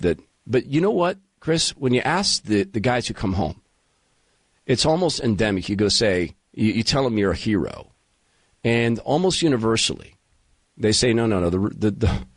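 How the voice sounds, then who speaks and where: A man around fifty hosting a talk radio show, emphatic and animated, taking calls. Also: lowish voice, no echo. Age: 50s. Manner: animated, emphatic, turns emotional. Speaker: guest radio host. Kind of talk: talk radio monologue and call-in.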